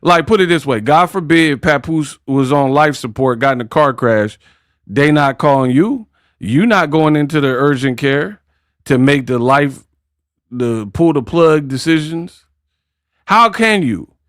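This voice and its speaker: A man's voice: on the high side, a little slow, dry recording, studio quality. Slangy man ranting on a livestream. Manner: animated, mocking, slangy. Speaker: boxing commentary livestream host. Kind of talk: casual livestream rant.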